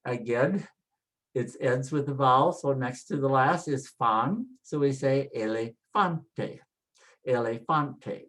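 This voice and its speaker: An instructor teaching a spoken lesson, explaining each rule step by step and repeating every example word slowly to model its pronunciation. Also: mid-range voice, fairly bright tone, rough recording. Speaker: language instructor.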